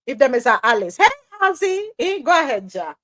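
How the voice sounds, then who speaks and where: A woman with a Caribbean accent hosting a live talk show, chatting in a lively way, laughing often and slipping into patois. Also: sits high, fairly quick, no echo. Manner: animated, laughing, slips into patois. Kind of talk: casual chat.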